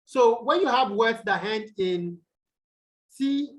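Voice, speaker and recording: With an extremely high, animated voice, a Nigerian English tutor takes it slowly through an online lesson on stress rules, and the video-call audio is poor. He keeps asking the class questions, checking in with "okay?" and "the what?"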